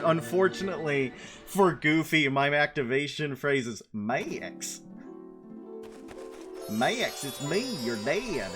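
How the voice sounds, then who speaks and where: A man casually commenting on a game as a streamer, playful and prone to sing-song bits. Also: on the high side. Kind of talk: casual let's-play commentary.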